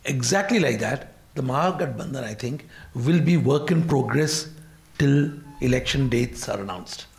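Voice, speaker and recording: A man with an Indian English accent giving measured, analytical commentary on a TV panel. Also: medium pitch, animated, gravelly, darkish tone. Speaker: political commentator, panel guest.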